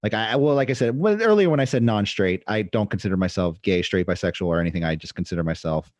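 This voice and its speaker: Low-voiced man rambling on a podcast. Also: lively intonation, darkish tone, dry recording. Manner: rambling, halting, lots of fillers. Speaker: podcast co-host. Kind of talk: casual chat.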